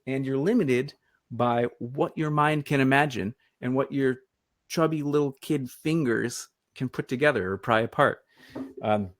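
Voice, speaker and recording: Presenting a casual webinar through his computer mic, a man from Michigan speaks in a mid-range voice on a dry recording. His delivery is chatty and self-deprecating, with plenty of rambling asides.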